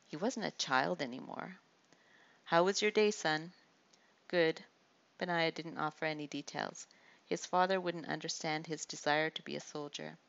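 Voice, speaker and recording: Gravelly low-voiced woman narrating a story. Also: lo-fi sound. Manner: steady storytelling with small slips. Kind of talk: audiobook narration.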